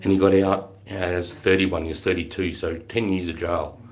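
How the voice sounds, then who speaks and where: Middle-aged aussie bloke, very low voice, swears a lot, blunt army yarns, yells out drill-sergeant lines. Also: male voice, little pitch movement, normal speed. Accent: Australian. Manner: blunt and profane, bursts into shouted drill-sergeant quotes. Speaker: former army recruit instructor. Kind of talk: casual livestream storytelling.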